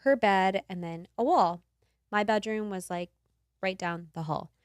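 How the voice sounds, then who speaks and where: A woman in her twenties, a podcast host, telling a story in casual chat, animated and laughing, acting out the quotes. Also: mid-range voice, measured pace, no echo, clean studio sound.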